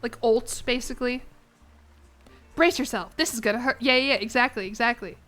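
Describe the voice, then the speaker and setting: Young woman streamer rambling to chat, giggly, kinda high voice, faint game music behind. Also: a little fast, a bit bright. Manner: chatty, rambling and giggly, addressing her viewers. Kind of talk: casual chat to a live chat.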